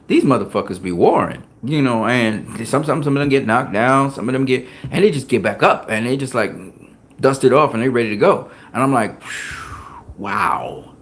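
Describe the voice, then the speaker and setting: Profane, animated man telling gym stories. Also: medium pitch. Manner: profane, animated storytelling with frequent laughs. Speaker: boxing show host. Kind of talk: casual chat.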